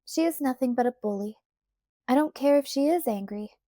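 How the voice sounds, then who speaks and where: A woman's voice: high-pitched, moderate pace, dark tone, no echo, studio quality, pitched above the performer's own voice, lightly acted. A woman voicing a bold, spirited colonial girl who speaks with confidence in a lightly raised voice. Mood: defiant.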